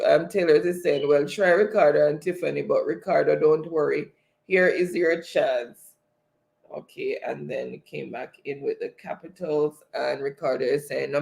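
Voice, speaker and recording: Gravelly Jamaican man hosting a quiz. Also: a little high, darkish tone. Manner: reads chat aloud, laughs often. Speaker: livestream quiz host. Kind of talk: casual livestream chat.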